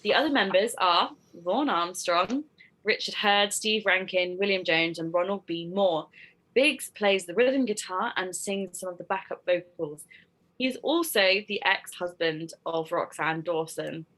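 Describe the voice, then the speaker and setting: British woman cohost, bright voice, chatty and giggly. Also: on the low side, measured pace, low-quality recording. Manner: chatty, giggly, reads trivia notes. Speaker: co-host. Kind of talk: casual podcast chat.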